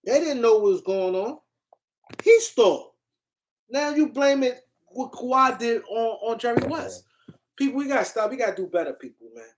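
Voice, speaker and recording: This is a woman with a slightly high voice, hosting a sports commentary stream. She argues heatedly with her viewers, circling back to her points with repetitive insistence. Her delivery is loose and unscripted. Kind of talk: live-stream sports rant.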